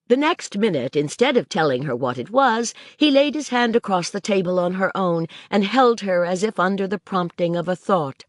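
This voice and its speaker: A woman narrating a classic novel for an audiobook in a measured, expressive way. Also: mid-range voice, no echo, clean studio sound.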